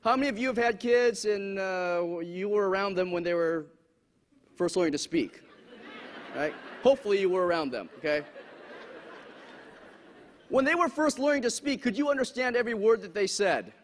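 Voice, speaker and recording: A man's voice: high-pitched, moderate pace, pauses often. A man giving a humorous public talk in a lecture hall, asking the audience questions as he goes. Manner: lively, asks the audience questions. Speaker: speaker. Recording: echoey hall, faint background noise.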